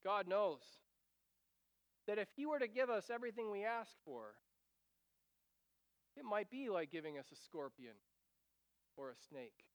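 Preacher mid sermon, smooth clear voice, dry close sound, earnest w/ chatty asides. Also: medium pitch, lively intonation, measured pace, long pauses, dry recording. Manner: earnest, with conversational asides while reading scripture aloud; repeats phrases for emphasis.

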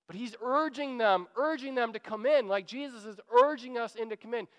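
A pastor earnestly preaches a sermon at a fairly quick pace, pleading with his listeners and repeating phrases. His very high voice is smooth and resonant, and a long reverb trails each phrase as if in a large hall.

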